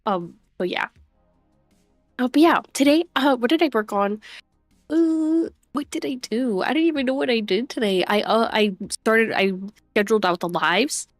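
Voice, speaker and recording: A young woman on a live stream speaks in an animated, fairly high voice at normal speed, recorded at home on a desk microphone. The sound is clean and studio-like with no echo and soft background music. Chatty and quick to laugh, she greets viewers by reading their names aloud.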